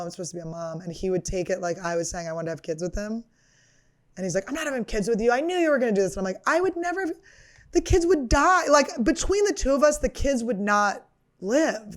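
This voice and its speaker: A woman in her thirties, a comedian hosting her podcast, talking in a rambling, profane, self-mocking monologue full of fillers. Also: mid-range voice. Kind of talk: casual confessional monologue.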